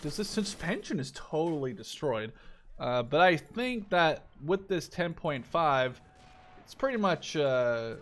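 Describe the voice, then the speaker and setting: Upbeat young man rambling over gameplay. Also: a little high. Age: 20s. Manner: rambling, jokey, swears freely, mispronounces German terms. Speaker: gaming YouTuber. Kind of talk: casual gameplay commentary.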